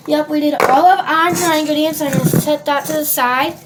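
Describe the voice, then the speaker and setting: Chatty high-voiced woman from Minnesota. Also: fairly even intonation, fairly quick, very noisy. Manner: chatty, rambling, filler-heavy, talks to viewers. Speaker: home baker vlogger. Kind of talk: casual baking vlog. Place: home kitchen. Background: dishes and cutlery clatter.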